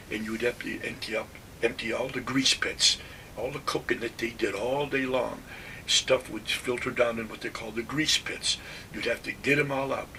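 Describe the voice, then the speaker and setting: A man in his nineties from Western New York telling his army stories in a plainspoken, animated way. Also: mid-range voice, distant mic, a little hiss or hum. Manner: plainspoken, animated retelling with acted-out quotes. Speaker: WWII veteran telling war stories. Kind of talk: oral history storytelling.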